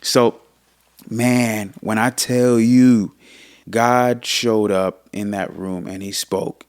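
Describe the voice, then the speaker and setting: A man in his thirties talks in a casual conversational chat. His voice sits fairly low, and he speaks earnestly, often repeating a phrase to drive it home. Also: steady tone, very slow, clean tone, no echo, studio quality. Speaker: podcast co-host.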